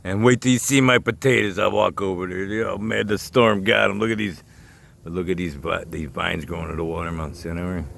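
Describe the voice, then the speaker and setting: A man's voice: lowish voice, creaky, a bit bright. A man with a Chicago accent walks around his backyard garden filming on his phone, rambling casually, chuckling often and swearing freely as he points things out. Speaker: gardening vlogger. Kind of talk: casual walk-and-talk vlog.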